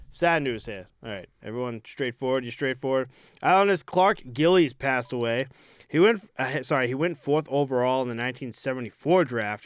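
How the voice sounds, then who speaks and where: A man's voice: medium pitch, clear, resonant tone, dry recording, studio quality. A man co-hosting a hockey podcast in casual chat, laid-back and profane, reading news items with small stumbles. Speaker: podcast co-host.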